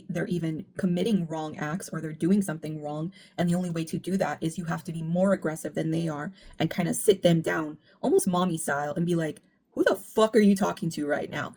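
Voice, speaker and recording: A woman talking through her reading of an album in a casual, earnest, reflective way, speeding up when she gets animated. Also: on the low side. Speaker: music commentary YouTuber. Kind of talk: casual analytical commentary.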